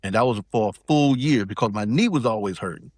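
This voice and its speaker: In a dry, studio-quality recording, a middle-aged South Carolina man with a lowish voice speaks briskly. He's a podcast guest telling a personal story in casual, rambling talk, often restarting and using plenty of fillers.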